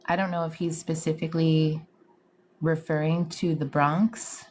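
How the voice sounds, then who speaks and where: A woman's voice: low voice, little pitch movement, unhurried, darkish tone, slight background noise. A woman hosting a live stream as a psychic medium, chatting casually in slang, greeting viewers and laughing often. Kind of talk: casual livestream chat.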